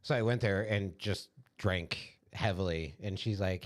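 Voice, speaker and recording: Deep-voiced man telling a story casually. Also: unhurried. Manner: laid-back storytelling with fillers. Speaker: podcast co-host. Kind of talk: casual chat.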